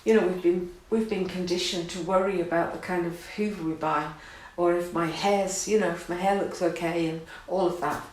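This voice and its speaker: A woman's voice: on the low side, fairly even intonation, normal speed, darkish tone. A middle-aged woman speaks to camera about her own life, reflective and earnest, and at times she laughs and grows emotional. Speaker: art course host. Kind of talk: personal talk to camera. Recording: very echoey room.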